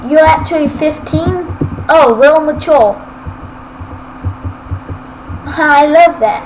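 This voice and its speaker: A woman giving rambling, casual gameplay commentary as a Let's Play gamer, often ranting at haters. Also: high-pitched. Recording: noisy homemade recording.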